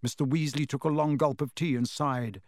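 A man's voice: mid-range voice, fairly even intonation, normal speed, a little mellow, dry recording, studio quality. Man reading a storybook aloud. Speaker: audiobook reader. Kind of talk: storybook narration.

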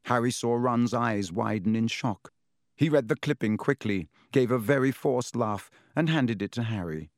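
A man narrating an audiobook in a measured, steady storytelling manner. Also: mid-range voice, no room sound, studio quality.

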